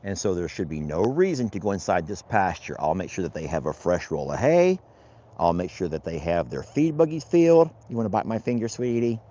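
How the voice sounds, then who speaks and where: A low-voiced man rambles along as he works his pasture, his pitch rising and falling a lot while he talks. It is a casual rancher vlog taped outdoors, and the sound is a bit dull and lo-fi. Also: sing-song, fairly quick, warm tone. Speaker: rancher vlogger. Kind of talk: casual vlog narration while doing chores.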